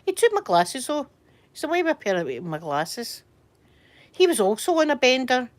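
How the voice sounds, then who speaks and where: A Scottish woman with a high, sing-song voice chats at a moderate pace from her bed at home during a livestream. She tells rambling stories and responds to viewer comments.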